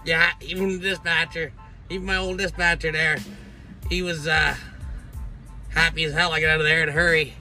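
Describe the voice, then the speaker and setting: A high, bright-voiced man tells trucking stories in a rowdy, cursing, boisterous way, full of hoots and laughs. He talks casually from inside his truck cab, with faint music playing behind him. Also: little pitch movement, moderate pace, long pauses. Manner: profane, boisterous, laughing storyteller. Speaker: truck driver vlogger. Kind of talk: casual storytelling vlog.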